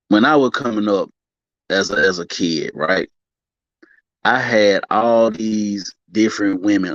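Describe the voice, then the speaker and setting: A man's voice: lowish voice, no room sound, dull audio. A man on a discussion panel, talking in an easygoing, conversational way.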